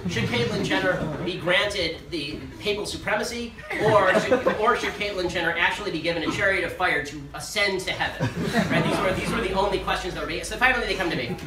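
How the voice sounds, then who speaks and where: A man giving a political speech at a university, telling sarcastic anecdotes in a rapid-fire manner before a live audience. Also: high-pitched, a loud crowd. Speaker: guest speaker at a university. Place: large lecture hall with a live audience. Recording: echoey hall, speaker far from mic, audience laughter.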